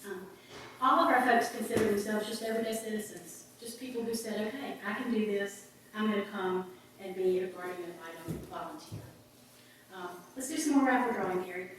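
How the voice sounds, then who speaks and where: A woman's voice: medium pitch, a little fast, a little hiss or hum. Brief: woman, earnest folksy storyteller, mic far off in a very echoey hall. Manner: earnest, folksy, frequent ums. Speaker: guest speaker on a volunteer advocate program. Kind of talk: storytelling talk to a club meeting.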